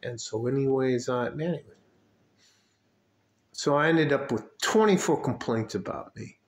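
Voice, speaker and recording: A man's voice: medium pitch, expressive, a little slow. Older man, angry personal rant, swears a lot, gets upset, roomy echo. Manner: heated, swearing, repeats himself. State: getting upset. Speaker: video blogger.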